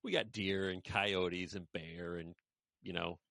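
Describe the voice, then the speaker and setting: A man with a low, gravelly voice hosts a relaxed podcast conversation. He rambles along, filling the gaps with "you know" and "like", and the sound is dry and close. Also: slow pace, no room sound. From United States. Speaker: podcast host. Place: rural village.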